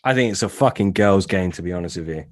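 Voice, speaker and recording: Blunt low-voiced man, dry sound. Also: lively intonation, quick pace, no room sound. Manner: blunt, sweary, questioning. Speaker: podcast host. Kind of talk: casual podcast interview.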